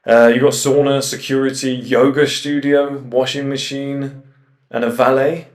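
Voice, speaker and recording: A young man talking in a casual vlog, animated and swearing, telling travel stories with quoted asides. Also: medium pitch, unhurried. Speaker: host.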